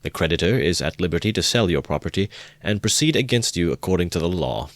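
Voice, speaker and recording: A man's voice: low voice, animated, no room sound. A man voicing an officious, condescending head clerk reading out legal terms in a storybook reading. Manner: hurried, officious.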